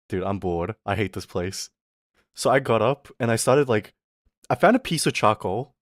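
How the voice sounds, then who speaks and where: Male streamer, exasperated profane rant, lively up-and-down pitch, mid-pitched voice. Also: no echo, clean studio sound. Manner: profane, exasperated, often laughing. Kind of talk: casual ranting storytelling.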